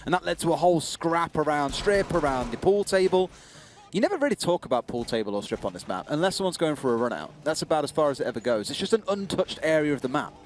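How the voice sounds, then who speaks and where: British man, esports commentator, rapid delivery, very animated pitch, jokey banter. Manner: joking, chatty, quick banter. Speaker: esports caster. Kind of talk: casual play-by-play commentary.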